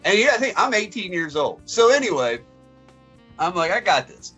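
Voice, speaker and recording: A man's voice: sits high, normal speed, husky, faint music behind. A young man, a podcast co-host telling a long story in casual chat and acting out the voices. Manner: animated, acts out voices in his stories.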